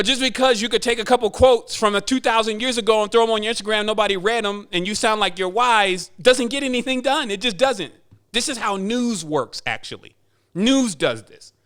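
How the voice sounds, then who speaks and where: A man hosting a spiritual podcast, talking in an emphatic, preachy monologue and mimicking people in quick asides. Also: high-pitched, a bit bright, clear, resonant tone. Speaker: podcast host.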